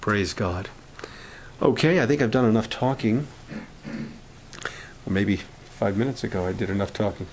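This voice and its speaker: Halting preacher man leading prayer. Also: fairly low pitch, a little hiss or hum, low-quality recording. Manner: halting, with many restarts, rising fervor. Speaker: minister leading a prayer meeting. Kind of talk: informal sermon and prayer request talk. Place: camp meeting room.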